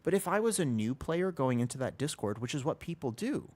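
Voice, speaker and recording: A man's voice: medium pitch, big pitch swings, a little fast, a little mellow. A man chatting casually to his live stream audience, rambling with frequent restarts.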